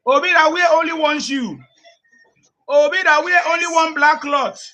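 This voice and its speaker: A Nigerian man with a high, bright voice, jumping into a live debate. He needles the other speaker with teasing, pointed questions. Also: fairly even intonation, normal speed. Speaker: discussion panelist.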